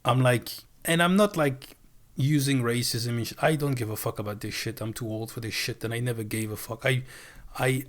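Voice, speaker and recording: Male streamer, middle pitch, animated and profane storyteller. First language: French. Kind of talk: casual storytelling. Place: live stream.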